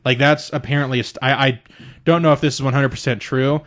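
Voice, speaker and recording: A man's voice: mid-range voice, fairly even intonation, fast, a bit bright. A young man co-hosting a casual podcast, rambling through a recap with plenty of swearing and restarts. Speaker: podcast co-host. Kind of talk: casual chat.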